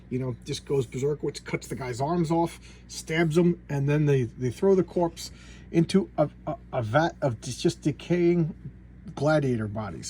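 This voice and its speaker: A man's voice: mid-range voice, warm tone, slight background noise. A man casually retelling comic book plots as a collector, rambling with frequent stumbles and restarts. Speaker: comic book collector reviewing back issues. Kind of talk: casual spoken comic review.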